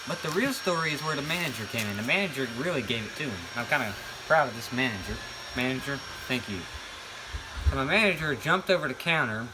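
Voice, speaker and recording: A man playing a grandfather who rambles through an absurd tall tale in a meandering, deadpan way. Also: mid-range voice, noisy background, close to an everyday voice. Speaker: comedic storyteller. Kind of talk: improvised comedy monologue.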